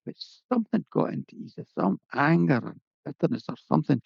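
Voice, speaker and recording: A man tells a folk tale in a relaxed, conversational way. His voice is deeply gravelly and husky, rising and falling in a lively sing-song. The sound is dull and dry, close to the mic. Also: fast talker, hardly any pauses, dry recording. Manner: lilting, conversational, folksy asides. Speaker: storyteller. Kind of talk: oral folk-tale telling.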